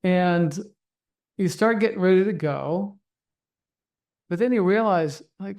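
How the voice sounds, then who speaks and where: A man's voice: sits high, slow pace, long pauses, darkish tone. A man teaching a group about stories and the nervous system, walking them through an imagined scene in a conversational way, with many restarts and acted-out inner thoughts. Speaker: therapist teaching trauma recovery. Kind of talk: guided storytelling and teaching.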